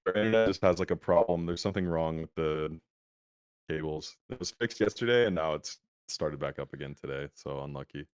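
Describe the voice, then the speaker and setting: A young man speaks as an interview guest, easygoing and full of filler words. His voice sits very low and has a smooth, resonant tone. The sound is dry and comes over a video call that sometimes stutters. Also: a little fast, no echo. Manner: relaxed, many filler words like "um" and "like". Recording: laggy internet call audio.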